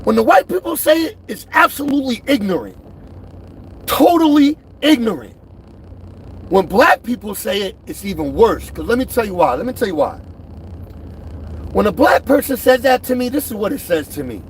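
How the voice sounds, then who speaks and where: Middle-aged male vlogger, emphatic and lively, repeats his points. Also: very high voice, normal speed, a little hiss or hum. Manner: emphatic, repeats himself, swings between loud and quiet. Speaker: truck driver vlogger. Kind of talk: direct-to-camera rant.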